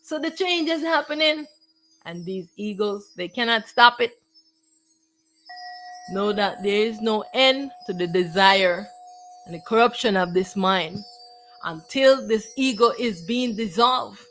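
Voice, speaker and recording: A woman's voice: medium pitch, animated, measured pace, fairly bright tone, faint music behind, low-quality recording. A woman giving a repetitive, declamatory spiritual monologue. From Jamaica. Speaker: spiritual teacher.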